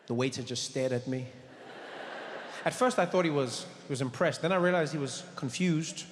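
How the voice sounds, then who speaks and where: A male comedian tells a comic story in an animated, self-mocking manner. His voice sits high. The sound is echoey and hall-like, with steady background noise. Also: moderate pace.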